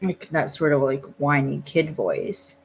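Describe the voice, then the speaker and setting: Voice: mid-range voice, animated, a little slow, vocal fry, a little hiss or hum, rough recording. A podcast co-host in casual chat, retelling things loosely with many "like" fillers.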